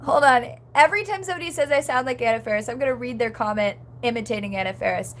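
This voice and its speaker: Young woman streamer, high voice, chatty and rambling, fillers everywhere; casual chat with viewers. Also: fast talker, few pauses. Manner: reads chat comments aloud. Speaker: livestreamer.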